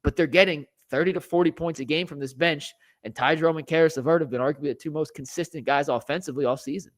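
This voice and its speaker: A man's voice: a little high, quick pace. A man hosting a sports talk show, talking animatedly and rattling off statistics.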